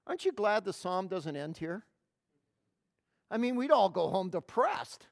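A woman's voice: medium pitch, sing-song, unhurried, creaky. A woman preaching a sermon to a congregation, emphatic, stretching key words and often restarting her phrases. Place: in front of a congregation.

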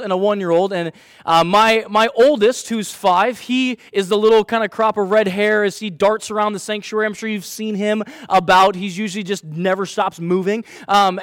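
A man in his thirties, a pastor, preaching a sermon in a chatty, animated way and telling a self-mocking story about his family. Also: high voice, dry recording, studio quality.

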